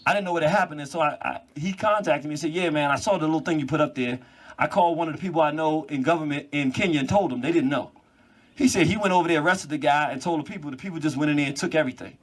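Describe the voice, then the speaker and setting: Animated high-voiced man. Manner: animated, quick bursts with laughs. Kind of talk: monologue.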